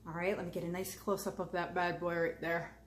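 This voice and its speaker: A woman's voice: on the low side, little pitch movement, brisk. A woman hosting a casual cooking demonstration, chatty and enthusiastic as she talks straight to her viewers from a home kitchen. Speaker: cooking channel host. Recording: echoey room with faint background noise.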